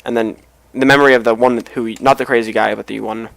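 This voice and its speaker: Tired, gravelly-voiced man rambling. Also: mid-range voice, fairly even intonation, fast, a bit bright, no echo, poor audio. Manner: rambling, mumbling asides. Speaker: let's play host. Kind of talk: casual game commentary.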